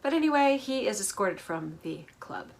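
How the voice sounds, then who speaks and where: A woman's voice: medium pitch, sing-song, normal speed. A woman hosting a casual reality TV recap, snarky and gossipy, laughing at the drama.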